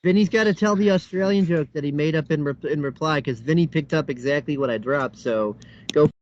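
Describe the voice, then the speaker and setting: A man with a fairly high voice speaks haltingly, stumbling through fillers in casual chat. The call audio is dull and lo-fi. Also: darkish tone, slight background noise.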